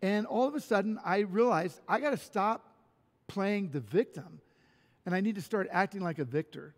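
A man preaching a conversational sermon in a church, telling personal stories with lively restarts. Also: high-pitched, moderate pace. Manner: animated personal storytelling with restarts. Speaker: pastor. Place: church sanctuary. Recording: long reverb of a church hall.

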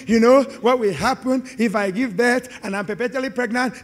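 A middle-aged man with a Nigerian accent, preaching an animated, joking sermon to a live congregation. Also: very high-pitched, brisk. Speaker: pastor. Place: large hall with live congregation. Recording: long hall reverb.

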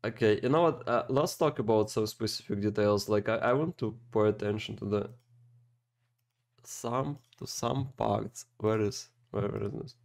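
A man giving casual reaction commentary on an animated video, excitable and emotional, repeating words in halting, non-native phrasing as he talks to his viewers. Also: on the low side, gravelly. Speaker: anime reaction video host.

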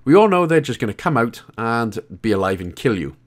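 This brisk, chatty walkthrough comes from a gaming guide host from Wales who jokes and tosses in the occasional curse. Big rises and falls in his pitch give the delivery plenty of animation.

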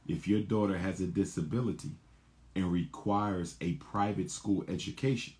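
A man's voice: deep voice, a little mellow. A man hosting a show, reading viewer questions aloud and answering them emphatically, often repeating his key lines word for word.

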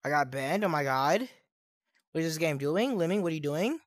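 A woman's voice: sits low, expressive, a little fast, no room sound, clean studio sound. A woman giving casual gameplay commentary, puzzled and deflated, muttering to herself through a headset mic. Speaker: gaming YouTuber.

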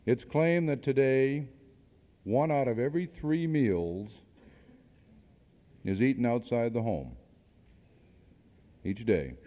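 A man giving a seminar talk to an audience, asking rhetorical questions and adding dry asides, on an old cassette recording made in a hall. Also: medium pitch. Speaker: seminar speaker. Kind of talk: speech to an audience. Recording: dull archival cassette tape in a hall.

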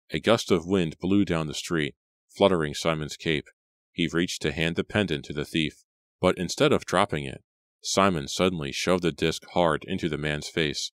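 A man reading a horror audiobook in a measured, steady narration. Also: a bass voice, no room sound. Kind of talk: scripted narration.

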